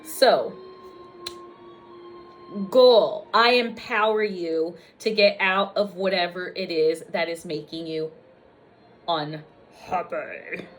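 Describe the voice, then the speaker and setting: A woman's voice: lowish voice, takes it slowly, soft background music. A woman from the United States, a registered nurse, talking in a raw personal vlog, emotional and blunt with lots of swearing, teary at times.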